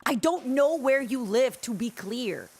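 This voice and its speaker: A woman's voice: sits high, measured pace, breathy edge. A young woman streamer chatting casually with her viewers, rambling and giggly as she tells stories. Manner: rambling, giggly, excitable storytelling.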